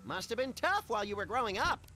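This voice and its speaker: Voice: medium pitch, big pitch swings, quick pace, pushed and bright, faint music behind. A woman voicing a hyperactive, gleefully violent rabbity creature in a cartoonish video game.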